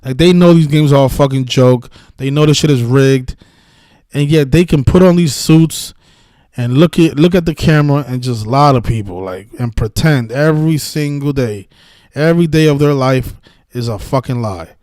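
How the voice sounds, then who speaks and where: A man's voice: medium pitch, moderate pace, a little mellow, dry recording. A man hosting a casual live-stream about sports betting, talking in a heated, profane, rambling way with many restarts. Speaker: sports betting video host.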